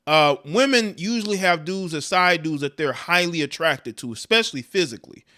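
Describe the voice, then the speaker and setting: High, bright-voiced male livestream host. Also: expressive, moderate pace. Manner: blunt, profane, laughs often, repeats "man". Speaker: livestream host reacting to clips. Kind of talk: casual livestream commentary.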